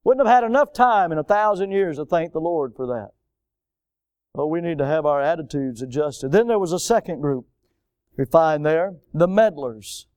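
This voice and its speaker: An older man preaching a sermon in a church, animated, with mocking voices for the people he quotes. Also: on the high side, moderate pace, smooth, no echo, clean studio sound. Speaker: pastor.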